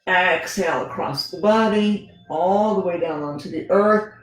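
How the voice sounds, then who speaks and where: A woman teaching a gentle yoga class, talking the students through each pose in a relaxed, conversational way and often checking in with "right?". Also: on the low side, a little slow. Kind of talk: guided yoga instruction. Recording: very echoey room with faint music.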